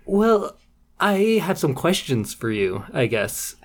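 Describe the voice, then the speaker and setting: A man's voice: a little high, big pitch swings, slow, slight background noise. A man co-hosting a podcast in casual chat, wry and teasing, bluntly critical. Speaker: podcast co-host.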